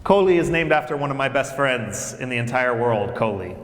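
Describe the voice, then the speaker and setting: A man's voice: mid-range voice, a little fast. Man speaking in an echoey hall. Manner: lively, conversational, storytelling, addresses the audience directly. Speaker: campus minister for faith and justice. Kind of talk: speech to incoming freshmen at orientation. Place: large hall. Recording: echoey hall with long reverb.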